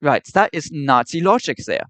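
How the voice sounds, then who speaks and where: A man's voice: fairly high pitch, very animated, normal speed, a bit bright, no echo. A man streaming live, arguing with and ranting at his chat in an exasperated, repetitive way. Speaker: livestreamer.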